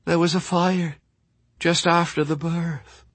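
A man's voice: a little high, level tone, slow pace, fairly bright tone, husky, dry recording, voice pushed up, full character voice. A man doing a dazed, hollow-voiced ex-nun. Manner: hollow, wistful, dreamy. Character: middle-aged woman, dazed ex-nun in a trance. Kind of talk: audiobook character voice.

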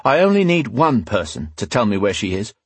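A man's voice: fairly low pitch, very animated, a little fast, husky, dry recording. A man voicing a young man in an audiobook who speaks with a falsely polite, controlled tone that hides menace. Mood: coldly polite.

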